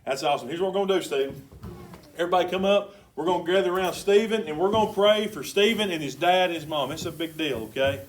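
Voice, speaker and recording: A man preaching in a church, telling a story in a colloquial, excitable way with sudden loud bursts. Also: high voice, fast, recorded from a distance. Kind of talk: sermon with storytelling. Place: church sanctuary.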